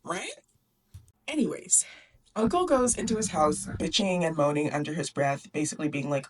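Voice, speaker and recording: A woman's voice: low voice, lively intonation, moderate pace, recorded from a distance, slight background noise. A young woman hosting a book club, recapping a story in a chatty, sarcastic way, often laughing and acting out the characters. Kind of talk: casual book recap and commentary.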